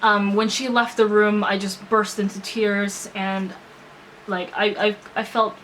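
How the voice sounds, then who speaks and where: A woman's voice: mid-range voice, flat delivery, unhurried, fairly bright tone, slight background noise, poor audio. A young woman telling a personal story to her vlog audience, earnest and emotional, full of hesitations and restarts. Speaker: vlogger.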